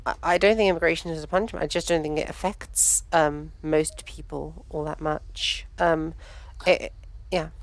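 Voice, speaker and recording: Low-voiced woman, tired and hesitant, thinking aloud in a casual gaming chat. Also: steady tone, moderate pace. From South London. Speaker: stream host and teacher.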